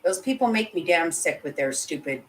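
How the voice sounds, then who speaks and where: A woman with a low voice gives live commentary to her chat. She talks bluntly and emotionally, swears freely and keeps breaking off and restarting her sentences. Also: animated, normal speed, rough recording. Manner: blunt and heated, with frequent swearing. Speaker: channel host.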